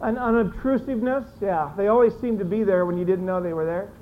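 A teacher leading a classroom discussion, briskly encouraging students and repeating their answers aloud. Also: mid-range voice, a little hiss or hum. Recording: dull lo-fi classroom recording.

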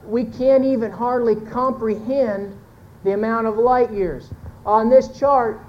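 A woman's voice: fairly high pitch, steady tone, unhurried, dull audio, slight background noise. Earnest woman teaching a church congregation. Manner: folksy and earnest, addresses the congregation, self-correcting. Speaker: church speaker teaching with a chart. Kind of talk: sermon-style teaching talk.

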